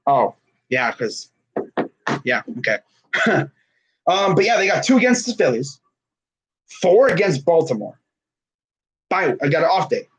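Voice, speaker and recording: A man's voice: fairly high pitch, big pitch swings, a little slow, pauses often, slightly rough, low-quality recording. A man in his twenties chatting casually about sports on a stream, rambling with lots of fillers and self-corrections while reading live comments. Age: 20s.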